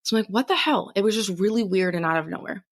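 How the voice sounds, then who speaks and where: Woman, young adult, podcast co-host, casual storytelling, lively, swears freely. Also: medium pitch, very fast. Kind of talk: casual chat.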